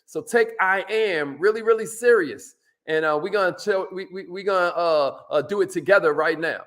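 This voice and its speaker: A man hosting a live coaching stream. He is energetic and slangy, calls out viewers by name, and drops into low asides. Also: normal speed.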